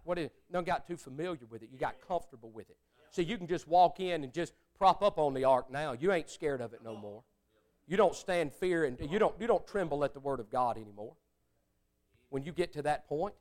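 A preacher delivering a sermon, swinging between loud exclamations and hushed prayer-like speech. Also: male voice, a little high, animated, a little fast.

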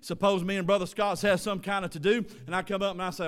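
High, bright-voiced preacher man. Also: level tone, fast talker, hardly any pauses. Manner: preaching with rising shouted emphasis. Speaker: pastor. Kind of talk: sermon.

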